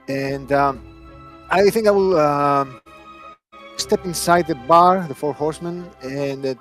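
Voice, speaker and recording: A man with a fairly high voice plays his character in a tabletop horror game. He speaks haltingly and stammers often. Soft music sits behind him. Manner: halting, stammering, playing a haughty doctor. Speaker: player. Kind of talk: tabletop role-play.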